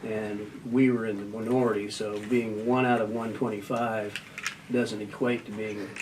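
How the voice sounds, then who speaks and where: An older man, a retiring judge, answering an interview question in a measured, thoughtful way, with frequent pauses and fillers. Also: lowish voice, little pitch movement, darkish tone. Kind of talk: news interview. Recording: distant mic with faint noise.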